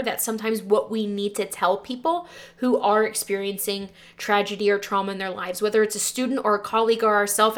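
A young woman, a teacher hosting a podcast, telling a personal story in an earnest, emotional way with frequent fillers. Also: medium pitch.

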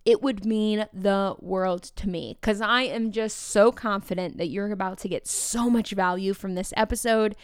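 A woman with a Midwestern American accent hosting a podcast, talking in an energetic, chatty way with playful asides to her listeners. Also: medium pitch, moderate pace, hardly any pauses, smooth, dry recording, clean studio sound. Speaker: podcast host. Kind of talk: upbeat podcast monologue.

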